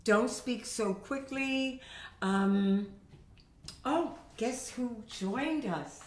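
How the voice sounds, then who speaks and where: A middle-aged woman voice teacher recovering from a sinus infection, chatting and demonstrating pitch with her own voice in a home video lesson. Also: extremely slow. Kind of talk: instructional video talk. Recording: roomy home recording.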